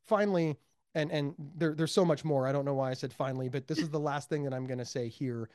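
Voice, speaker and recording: An American man being interviewed as a mental health advocate, speaking emphatically and with high energy, repeating words for stress. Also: fast, darkish tone, no echo, studio quality. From United States. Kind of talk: animated interview talk.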